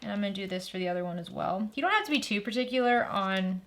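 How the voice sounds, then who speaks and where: A woman's voice: mid-range voice, animated, quick pace, background noise. A woman hosting a sewing tutorial, walking through each step in a friendly, practical way and stopping now and then to correct herself.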